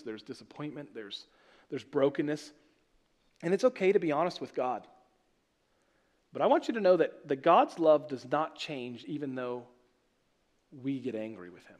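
Pastor guy preaching, highish voice, gets loud then drops quiet, lots of questions to the crowd. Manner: emphatic, rhetorical questions, swings loud to soft. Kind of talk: sermon.

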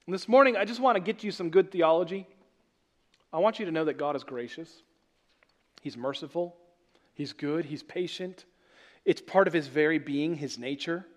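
A man preaching a sermon as pastor, emphatic, asking rhetorical questions and swinging from loud to soft. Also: a little high, animated, moderate pace, long pauses.

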